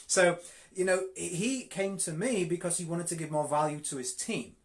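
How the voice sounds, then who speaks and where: Speaking at a normal speed in a high-sitting voice, a man with a Yorkshire English accent runs a live-streamed network marketing coaching talk. He's emphatic and straightforward, and often repeats words for emphasis.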